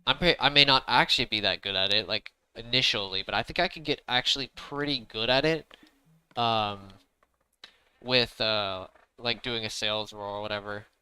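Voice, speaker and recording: Young male gaming streamer on a desk mic, bright and forceful, rambling casual talk, pushing his voice louder on purpose, dry close sound. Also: lowish voice, clear, resonant tone, dry recording, rough recording. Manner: rambling, repeats "to be honest"; deliberately speaking up loudly. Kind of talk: casual chat while playing. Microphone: desk microphone.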